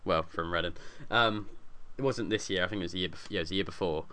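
A man's voice: low voice, fast talker, bright, forceful tone, smooth. A man co-hosting a podcast in casual chat, joking and laughing often. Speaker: podcast co-host.

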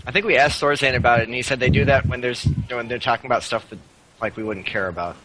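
A man chatting quickly and playfully on a panel. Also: medium pitch, steady tone, fairly bright tone, rough recording. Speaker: esports player on a panel. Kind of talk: casual banter.

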